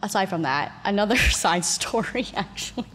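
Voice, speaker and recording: A woman's voice: medium pitch, animated, normal speed, fairly bright tone. A woman from Canada in her thirties, telling her story as a guest in casual talk, swearing freely and acting out other people's voices. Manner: swears a lot, laughs often, acts out voices in her story. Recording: echoey room with long reverb and faint noise.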